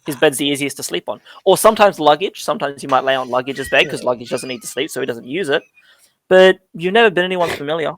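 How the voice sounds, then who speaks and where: A man narrating as dungeon master in a rambling way, often pausing to search for words with lots of fillers. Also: a little high, a bit bright, no room sound. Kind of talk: narrating a tabletop game.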